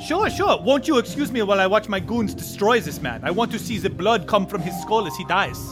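A man's voice: high-pitched, expressive, fairly quick, over music, voice pushed up. A man voicing a giddy, vain young man who longs to be a star, squealing and theatrical. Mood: gushing. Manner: squealing, breathless, over-the-top theatrical.

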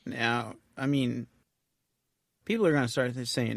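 A man's voice: medium pitch, lively intonation, normal speed, no room sound. Male comedy podcast co-host, rambling, crude riffs, mid-range voice, dry close mic. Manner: rambling with frequent restarts and crude jokes. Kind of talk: casual comedic chat.

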